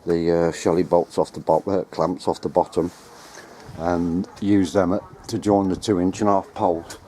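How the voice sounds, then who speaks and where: A man's voice: low voice, flat delivery, normal speed, dark tone, a little hiss or hum. A man chatting and rambling to a handheld camera outdoors at home, correcting himself as he goes. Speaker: radio hobbyist vlogger. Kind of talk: casual running commentary to camera. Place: outdoors at home on ladders and in the garden. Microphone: handheld camera mic.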